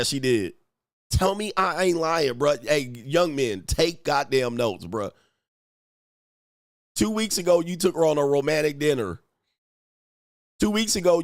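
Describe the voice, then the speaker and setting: A man's voice: medium pitch, dry recording, studio quality. A man hosting a livestream, delivering a profane, mocking comedic rant with repeated catchphrases. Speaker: livestream host and dating coach.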